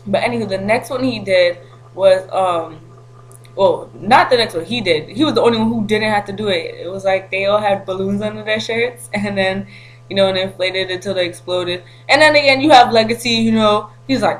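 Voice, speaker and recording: A woman's voice: mid-range voice, normal speed, low-quality recording. Chatty woman vlogger telling a story. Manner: animated and slangy, breaks into laughter. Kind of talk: casual storytelling to camera.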